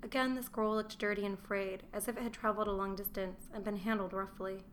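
A woman narrating a historical novel as an audiobook, in a steady, measured reading style. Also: medium pitch, a little hiss or hum. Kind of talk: scripted narration.

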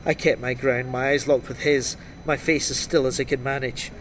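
A man reading a first-person crime novel aloud in a dry, wry, steady storytelling voice. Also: mid-range voice, normal speed, slight background noise. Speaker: audiobook narrator.

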